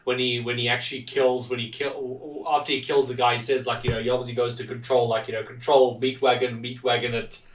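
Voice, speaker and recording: A man's voice: mid-range voice, level tone, fast talker, few pauses, fairly bright tone, reverberant, distant mic. A man co-hosting a casual film review chat, retelling scenes with lots of fillers and restarts. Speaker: podcast co-host.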